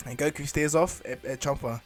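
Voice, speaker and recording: A man's voice: on the high side, steady tone, a little fast, soft background music. A man improvising a fan story retelling, rambling with many ums and restarts and briefly voicing the characters. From New Zealand.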